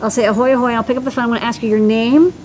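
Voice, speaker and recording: A woman's voice: fairly high pitch, fairly even intonation, rapid-fire, a little mellow, a little hiss or hum, poor audio. A woman co-hosting a casual live stream, answering viewer questions in a chatty way with many ums and restarts.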